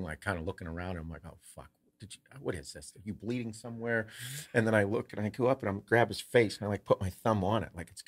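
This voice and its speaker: A man co-hosting a podcast, telling a lively family story with lots of swearing and laughter. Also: on the low side, breathy edge. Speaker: podcast co-host. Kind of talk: casual storytelling.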